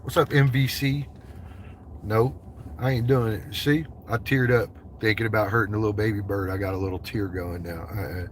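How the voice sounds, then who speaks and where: A man's voice: fairly low pitch, steady tone, normal speed, a little hiss or hum. A man from the United States in a vehicle, chatting with his livestream viewers in loose, profane, joking banter. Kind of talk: casual livestream chat.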